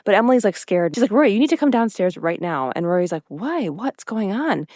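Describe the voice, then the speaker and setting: A woman's voice: medium pitch, fairly quick, no echo. Young woman podcast cohost, chatty, does little voices for quotes, dry close mic. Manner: animated storyteller, acts out characters' lines in quotes. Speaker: podcast co-host. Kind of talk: casual chat recapping a TV episode.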